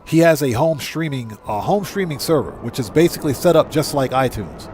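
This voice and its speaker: A man's voice: medium pitch, lively intonation, a little fast, darkish tone, a little hiss or hum. A middle-aged man hosting a gaming livestream, chatting casually, rambling and correcting himself as he reads chat aloud. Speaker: livestream host.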